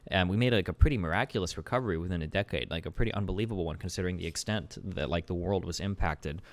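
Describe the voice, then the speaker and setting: A man hosting a stream, arguing politics casually with a caller, blunt and full of fillers and swearing. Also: sits low. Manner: talks fast with many fillers, blunt and swearing. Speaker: streamer host debating a caller.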